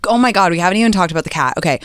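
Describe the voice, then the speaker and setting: Young woman podcast host, dramatic and chatty, smooth clear voice. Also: on the low side, expressive, rapid-fire, a bit bright, no room sound, studio quality. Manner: chatty, dramatic, laughs often. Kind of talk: casual chat.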